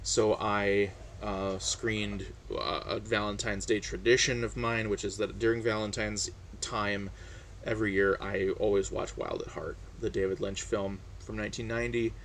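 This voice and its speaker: A man's voice: on the low side, normal speed, a little hiss or hum. A man chatting casually on his own, hesitant and full of fillers and restarts. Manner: relaxed, chatty. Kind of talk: casual personal monologue.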